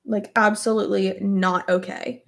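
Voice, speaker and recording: A woman's voice: mid-range voice, level tone, normal speed, gravelly. A young woman chats through a get-ready-with-me video at home, her speech looping through fillers and casual swearing. She sounds open and emotional, laughing easily and sometimes close to tears. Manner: emotional, tearful at times, laughs often. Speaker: beauty vlogger. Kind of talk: casual chat while doing makeup.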